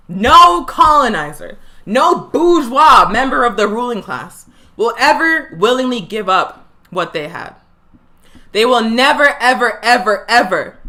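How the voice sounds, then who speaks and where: A woman hosting a live political education show, speaking with fiery emphasis and slowing down to hammer home her points. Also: a little high, pushed and bright. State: tired. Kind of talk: impassioned political commentary. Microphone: livestream.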